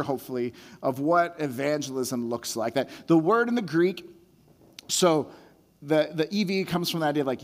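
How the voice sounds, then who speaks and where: Slightly high-voiced pastor in a reverberant hall. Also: male voice. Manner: conversational, repeats words, retells scenes with rising excitement. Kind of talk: sermon.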